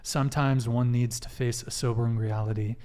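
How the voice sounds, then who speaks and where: A man's voice: mid-range voice, fairly even intonation, fairly quick, a little mellow. A man hosting a live dating talk stream, reading viewer messages and thanking them in a laid-back way. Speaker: host. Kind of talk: casual livestream chat reading super chats.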